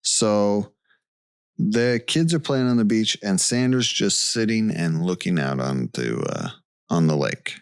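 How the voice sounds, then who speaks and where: A man's voice: fairly low pitch, lively intonation, a little slow, clear, resonant tone, dry recording. A man co-hosting a podcast, retelling a case step by step in a casual way and checking in with "okay" as he goes. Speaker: podcast co-host. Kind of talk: casual storytelling chat.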